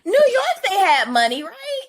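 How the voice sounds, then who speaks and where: A woman's voice: very high voice, huge pitch swings, measured pace. A woman co-hosting a podcast in casual chat, blunt and joking with a slangy manner. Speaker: podcast co-host. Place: Atlanta.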